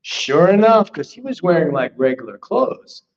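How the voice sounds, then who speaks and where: An older spiritual teacher from Philadelphia, United States, tells a personal story to a class in a slightly high voice at normal speed. The recording is dull and lo-fi with a little hiss or hum, and he animatedly acts out things he once said.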